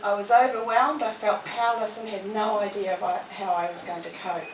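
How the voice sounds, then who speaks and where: A woman, giving a lively, humorous motivational talk to a live audience in a library. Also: medium pitch, fairly quick. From New Zealand. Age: 40s. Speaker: motivational speaker. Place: public library hall. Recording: echoey room, distant mic, noisy.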